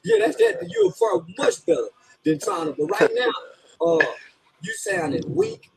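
A man's voice: extremely high pitch, wildly swooping pitch, unhurried, gravelly, a little mellow, rough recording. A man ranting profanely and comically, laughing and half-crying through his words. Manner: rants, laughing as he talks. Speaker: commentator in a played clip.

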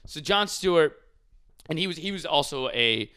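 A man in casual podcast chat, ranting with animated profanity. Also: a little high, normal speed, smooth.

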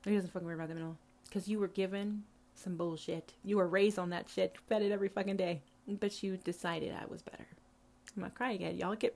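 A woman's voice: medium pitch, fairly bright tone. A woman hosting a podcast, speaking in an impassioned, profane monologue with a preacher-like cadence. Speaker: podcast host.

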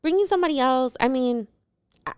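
A woman's voice: sits high, animated, fairly quick, a little mellow, clear, resonant tone, dry recording, clean studio sound. Giggly, candid woman host. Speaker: podcast host, comedian. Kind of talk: casual chat.

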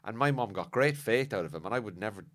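A man's voice: fairly low pitch, fast. A man telling stories in a casual chat, swearing often and acting out the lines of the people in them. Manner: swearing, animated, acts out quotes.

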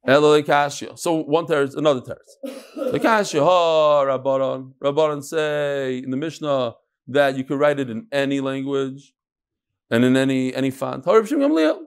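A man teaching a Talmud class, asking and answering his own questions in an animated, rhetorical way. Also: mid-range voice, moderate pace, smooth.

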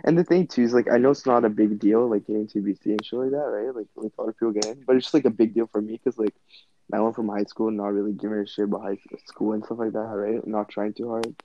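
A man's voice: fairly low pitch, steady tone, quick pace, dark tone, muffled recording, slight background noise. A young man hosting a podcast with friends, rambling casually, laughing often and swearing. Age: young adult. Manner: rambling, laughing, swearing, says "bro" and "dude". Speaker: podcast host.

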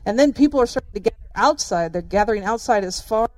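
A woman's voice: on the high side, lively intonation, quick pace, a little mellow, a little hiss or hum. A woman pastor preaching a sermon, telling the story vividly and speaking directly to her listeners.

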